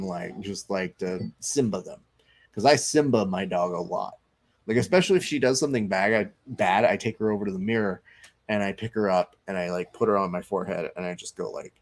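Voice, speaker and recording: Low-voiced man chatting casually on stream. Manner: loose, chatty, swearing, reads chat aloud. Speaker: live stream host. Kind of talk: casual live-stream chat and fight commentary.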